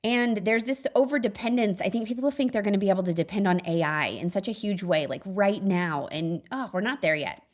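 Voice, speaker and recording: A woman's voice: mid-range voice, fairly quick, hardly any pauses. A woman in her thirties hosting a podcast alone, talking in a chatty, earnest way with many fillers and frequent small laughs. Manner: reflective, earnest. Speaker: podcast host. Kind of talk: casual solo monologue.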